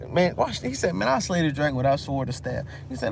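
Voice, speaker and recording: High-pitched and expressive, a Texan man rattles through Bible teaching at a quick pace with vocal fry and hardly any pauses. He reads verses, then recasts them in loose street slang for his religious group, over a little hiss or hum.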